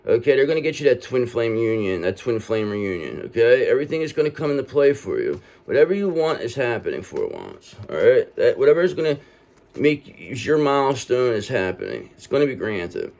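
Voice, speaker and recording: A man's voice: medium pitch, wildly swooping pitch, a little fast, gravelly, a little mellow. A man reading tarot cards and speaking straight to the viewer in a reassuring way, ending many points with "okay?". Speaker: tarot reader.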